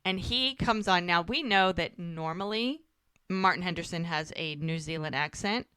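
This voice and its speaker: A woman's voice: on the low side, normal speed, clean tone, no echo, studio quality. An American woman co-hosting a podcast, chatting casually and rambling through an episode recap, quoting characters along the way. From United States. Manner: chatty, rambling, quotes characters in lively voices. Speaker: podcast co-host.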